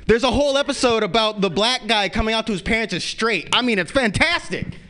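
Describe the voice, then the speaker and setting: A man doing a stand-up comedy set, profane and animated, jumping into quick character bits. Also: sits high.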